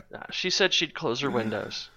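A man's voice: medium pitch, gravelly, sharp tone. A man co-hosting a podcast, telling a rambling story in casual chat and often breaking off mid-sentence. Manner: rambling, self-interrupting anecdote teller. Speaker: podcast co-host.

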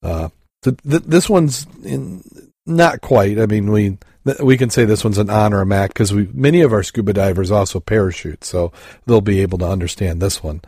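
A man's voice: on the low side, normal speed, dark tone, slightly rough, no room sound, clean studio sound. A man hosting a casual podcast, telling jokes and stumbling over his words. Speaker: podcast host.

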